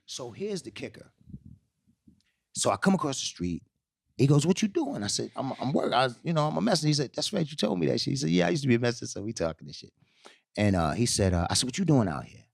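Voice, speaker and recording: Animated man telling a long street story. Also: mid-range voice, quick pace, vocal fry, husky, no room sound. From New York. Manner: animated, acts out quoted voices, laughs often. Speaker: guest storyteller. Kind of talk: casual storytelling chat.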